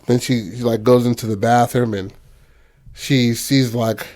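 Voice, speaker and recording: Chill guy on a podcast telling a movie plot, super slangy, lots of "you know", mid pitch. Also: steady tone, a little slow, darkish tone. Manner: loose and slangy, heavy on fillers like "you know". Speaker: podcast host retelling a film. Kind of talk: casual chat.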